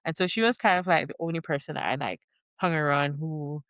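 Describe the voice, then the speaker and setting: A young woman vlogging in casual chat, rambling with lots of fillers and restarts, recorded close in a quiet room. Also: low-pitched, a little fast, dry recording, muffled recording. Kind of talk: casual talking-head chat.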